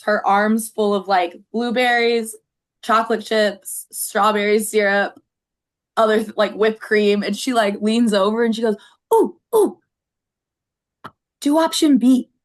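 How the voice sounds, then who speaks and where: A woman's voice: mid-range voice, steady tone, a little slow, fairly bright tone. A woman narrating her character's actions in a tabletop game, in a rambling, casual way. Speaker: player.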